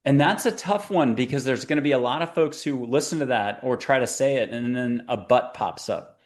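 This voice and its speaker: Chatty, playful man in interview. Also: mid-range voice. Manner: chatty and playful, with quick tangents. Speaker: guest, spiritual teacher. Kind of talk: conversational interview talk.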